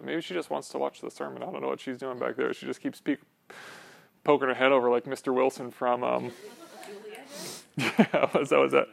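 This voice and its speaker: A man with a level, creaky, medium-pitched voice leads a small Bible class in a church room, speaking at a moderate pace and pausing often. His style is conversational, with frequent restarts and "right?" tags. The recording is dry.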